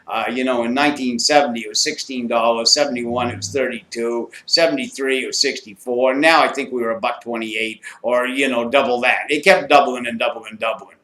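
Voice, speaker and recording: A man's voice: medium pitch, fairly even intonation, brisk, few pauses, pushed and bright. A man in his sixties telling a rambling, profane anecdote in a casual, gleeful way. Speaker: storyteller. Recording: echoey room.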